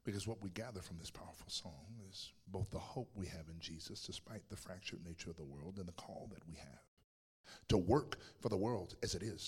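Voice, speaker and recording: A man preaching a sermon as pastor, moving between loud, fervent declarations and hushed, whispered passages. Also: lowish voice, a little fast, slightly rough. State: lives with chronic pain.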